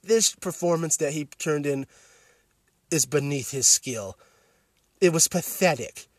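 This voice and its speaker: A man's voice: a little high, lively intonation, a little slow, no room sound, clean studio sound. A man hosting a podcast, giving a blunt film review full of profanity and emphatic restarts. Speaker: podcast host reviewing films.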